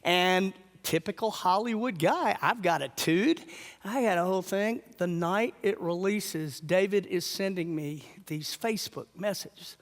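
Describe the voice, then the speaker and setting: A man telling animated stories as a speaker at a conference, acting out the voices of the people he quotes. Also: high-pitched, a little slow, big-room sound. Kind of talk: storytelling talk.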